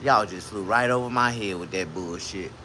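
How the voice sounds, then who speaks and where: A male comedian telling crude, boastful stories full of profanity, often jumping into a much higher voice. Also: normal speed, a little hiss or hum. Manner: animated, with sudden jumps to a high voice.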